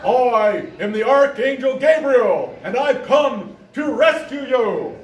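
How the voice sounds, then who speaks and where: A man voicing a wild-eyed stranger who proclaims himself an archangel, in slow, booming declarations. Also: expressive, full character voice. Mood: grandiose. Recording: roomy live sound from far off.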